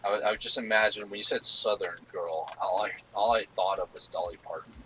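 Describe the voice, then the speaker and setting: Bright-voiced young man streaming a game. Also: on the low side, fairly quick, a little hiss or hum, low-quality recording. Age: 20s. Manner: joking, teasing, animated banter. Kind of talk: casual chat while streaming a game.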